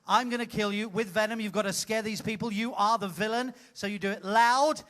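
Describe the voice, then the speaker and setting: A man's voice: sits high, fairly quick, few pauses, pushed and bright. A man hosting an audience-participation comedy show on a ship stage, teasing and bossing volunteers through a handheld mic. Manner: teasing, flamboyant, bossy direction. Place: ship theater.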